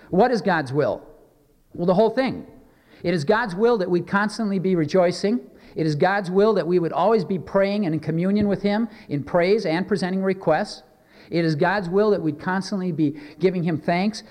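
A man delivers a sermon in a somewhat high voice, earnest and measured, leaning into slow, emphatic readings of scripture. His voice rings out with a long reverb, recorded in a church sanctuary. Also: a little mellow. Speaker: pastor.

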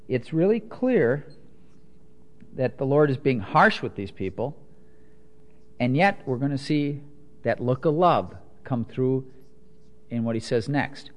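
A man preaching a teaching sermon, explaining scripture with everyday examples and moving between soft asides and emphatic quotes. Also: medium pitch, animated, a little slow, long pauses.

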